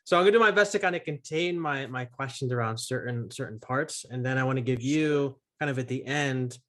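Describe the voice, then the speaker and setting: A man's voice: medium pitch, fairly bright tone. A man hosting a casual interview podcast, affirming the guest often and reading a passage aloud. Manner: affirming, frequent backchannels, friendly reading aloud. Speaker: podcast host.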